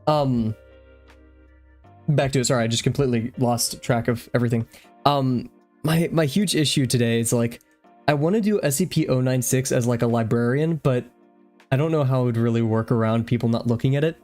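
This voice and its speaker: A young man talks loosely to his viewers on a drawing stream, out of breath from exercise. He rambles and drifts off track as he speaks, with faint music playing softly behind him. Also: mid-range voice, brisk. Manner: rambling, easily distracted. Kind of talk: casual live-stream chat.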